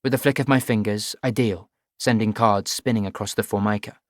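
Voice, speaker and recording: A man narrating a first-person audiobook in a measured, even storytelling voice. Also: on the low side, no echo, clean studio sound.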